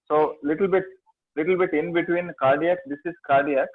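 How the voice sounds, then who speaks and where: A man with an Indian accent teaching a yoga class, giving halting instructions with many fillers. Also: fairly high pitch, fairly even intonation, no room sound. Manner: slow, halting instructions with many fillers, chanting and singing tones. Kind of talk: guiding a mudra and mantra class. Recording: dry, phone-like lo-fi sound.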